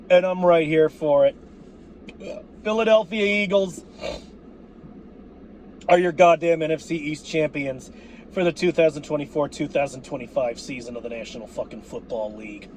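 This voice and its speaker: Fired-up, cursing man with a hoarse voice. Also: on the high side, slight background noise. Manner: fired-up, cursing, shouting outbursts. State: voice going hoarse. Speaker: sports fan vlogger. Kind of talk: profane fan rant.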